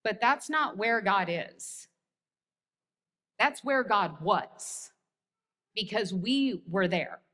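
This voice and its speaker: A woman's voice: mid-range voice, animated, drawn-out words, long pauses, sharp tone. American woman pastor, sermon with wry self-mocking humor, long church-hall reverb.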